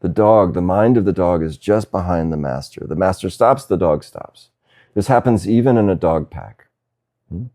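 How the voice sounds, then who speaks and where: Male spiritual teacher, satsang talk: very low, gravelly voice, unhurried gentle delivery with soft laughs. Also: animated. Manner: slow, gentle, with soft laughs and questioning "huh?". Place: Asheville, North Carolina.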